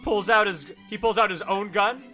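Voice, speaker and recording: A man narrates an improvised tabletop game as game master. His voice sits high and rings very bright. He laughs often as he tells the scene, with faint music playing underneath. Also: normal speed. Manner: lively, laughing storyteller.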